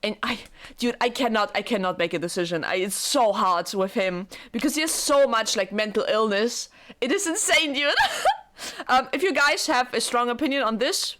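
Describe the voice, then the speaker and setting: Excitable, swearing young woman gamer. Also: mid-range voice. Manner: excitable, rambling, heavy swearing. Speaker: gaming YouTuber. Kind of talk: casual let's-play commentary.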